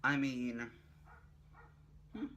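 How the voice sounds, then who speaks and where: A young man vlogging, telling a rambling story in a chatty, animated way. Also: mid-range voice, drawn-out words, a little hiss or hum. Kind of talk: casual storytelling vlog.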